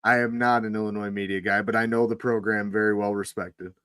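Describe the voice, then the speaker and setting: A man's voice: on the low side, level tone, fairly quick, a bit bright, clear, resonant tone, dry recording, studio quality. A man hosting a sports podcast, giving short encouraging replies and thanking his guest. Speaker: podcast host. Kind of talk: casual interview.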